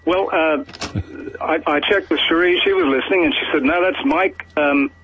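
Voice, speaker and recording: A man with an Australian accent calling a radio show, talking haltingly with many pauses and fillers. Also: a little high, a little hiss or hum. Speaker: caller. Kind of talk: phoned-in radio chat. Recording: lo-fi radio broadcast.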